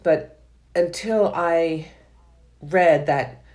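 A woman's voice: lowish voice, extremely slow, darkish tone. A woman author talking casually about a book she loves, enthusiastic and rambling, with frequent restarts. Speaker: author and podcast guest.

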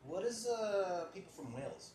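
A man telling stories in casual, excitable, profane chat among friends. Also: high voice, reverberant, crowd noise. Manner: fast, excitable, profane storytelling.

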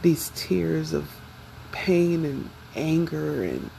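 Young woman, unhurried and emotional, gravelly edge, confessional vlog. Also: sits low, lively intonation, mellow, a little hiss or hum, rough recording. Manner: slow, reflective, emotional. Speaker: vlogger.

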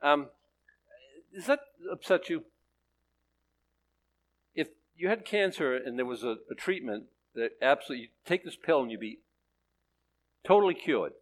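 A man's voice: a little high, animated, moderate pace, pauses often. A man preaching a sermon in a conversational, sarcastic style, mixing scripture reading with jokes. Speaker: pastor.

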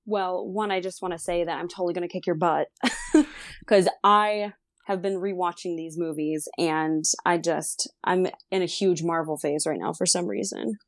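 A woman's voice: lowish voice, steady tone, moderate pace, no room sound, studio quality. A woman co-hosting a casual podcast, bubbly and teasing, laughing often. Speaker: podcast co-host.

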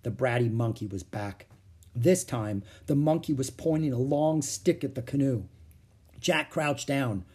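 A man reading a children's chapter book aloud as a storyteller, with expressive, animated delivery. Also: medium pitch, unhurried, husky.

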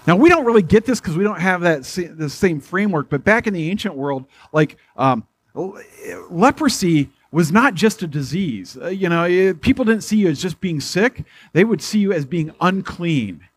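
A male pastor giving a church sermon in a conversational way, slowing down to stress key phrases. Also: high voice, animated, slightly rough.

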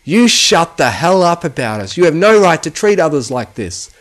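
A man's voice: lowish voice, big pitch swings, fairly quick. A man voicing a brash young female pegasus filly. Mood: furious. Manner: sobbing then shouting in defiance.

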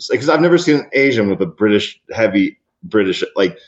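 A man with a West Coast accent chats on a podcast in a lowish voice, rambling and laughing as he loses his thread. The audio is a little dull and lo-fi. His sentences trail off and restart often. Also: expressive, brisk. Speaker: podcast co-host. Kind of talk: casual chat.

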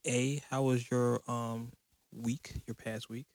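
A man's voice: medium pitch, little pitch movement, darkish tone, no room sound. Hyped joking podcast host man. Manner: hyped, joking, trying a deliberately slow delivery. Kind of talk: casual chat.

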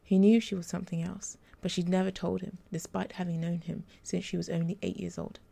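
Female audiobook narrator, measured delivery. Dark, gravelly tone. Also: on the low side, level tone. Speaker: storyteller. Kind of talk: reading a story aloud.

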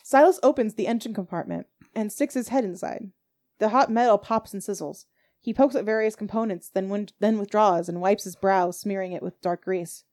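A woman runs a tabletop game as its game master. Her voice sits at a middling pitch. She reads the scene steadily, with a few small stumbles. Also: moderate pace, darkish tone.

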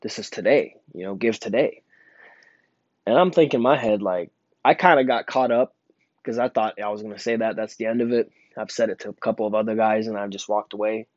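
A man's voice: on the low side, fast talker, no echo. A young man casually telling a rambling personal story about work, full of fillers and restarts. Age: young adult. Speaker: store employee telling a story. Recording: dull lo-fi dry recording.

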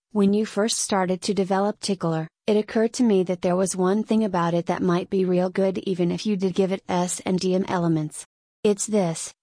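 A woman's voice: on the low side, darkish tone, no echo, natural voice. A woman reading the lines of a stubborn, plain-spoken middle-aged man who talks bluntly and folksily, in a dry, close recording.

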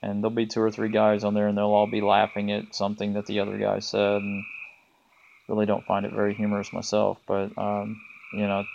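A laid-back man with a Southern US accent hosts a casual solo podcast, pausing often on ums and restarts. His voice is low and gravelly with a fairly flat melody. The recording is dull and lo-fi, with faint noise and frogs croaking in the background. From American South. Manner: relaxed, laid-back, halting with many ums. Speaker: podcast host. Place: front porch of an off-grid cabin.

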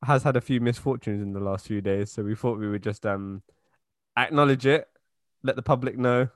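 A young man, co-hosting a podcast in relaxed, joking chat and steering the conversation. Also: mid-range voice, moderate pace, dry recording, studio quality. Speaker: podcast co-host. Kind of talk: casual chat.

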